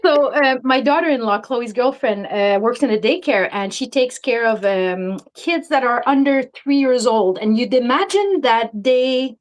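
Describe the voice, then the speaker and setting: Friendly woman in her 40s or 50s, from canada, chatty storytelling, a bit high pitched. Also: expressive, measured pace, few pauses. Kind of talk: casual chat.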